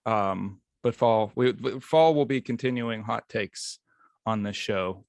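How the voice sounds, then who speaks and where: A man's voice: on the low side, takes it slowly, gravelly, darkish tone, dry recording. A man hosting a beer podcast, chatting casually and joking at his own expense. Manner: easygoing, self-deprecating joking. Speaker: podcast host.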